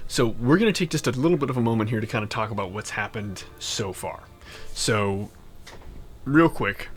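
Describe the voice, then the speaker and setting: A man's voice: fairly low pitch, a bit bright. A young man hosting casual game commentary, chatty and rambling, who often jumps into mock voices. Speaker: gaming channel host.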